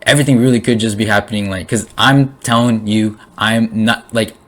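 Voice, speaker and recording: A man's voice: fairly low pitch, fairly even intonation, moderate pace, a bit bright. Rambling, emotional young man. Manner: rambling, restarts, swears, laughs; emotional, voice jumps up. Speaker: conspiracy vlogger. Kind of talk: rambling excited monologue.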